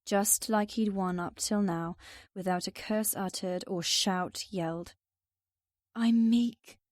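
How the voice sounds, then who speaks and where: A woman narrating a first-person audiobook in an even, subdued storytelling manner. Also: on the low side, unhurried, no echo, studio quality.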